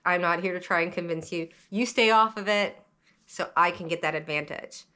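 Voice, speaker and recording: A woman from the American South who reads tarot, talking to camera in a rambling, animated vlog monologue, often cutting herself off mid-sentence. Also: lowish voice, normal speed. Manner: rambling, animated, self-interrupting. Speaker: tarot reader vlogger.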